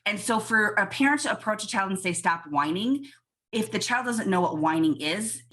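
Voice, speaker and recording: A woman's voice: mid-range voice, brisk, a bit bright. A woman pediatrician giving emphatic parenting advice in a casual podcast interview. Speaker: pediatrician guest.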